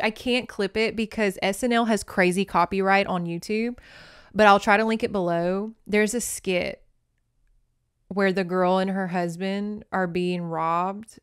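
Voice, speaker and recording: Chatty woman podcaster, giggly and playful, smooth clear voice, dry close sound. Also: mid-range voice, a bit bright, no room sound. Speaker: podcast host. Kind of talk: casual chat, recapping a novel.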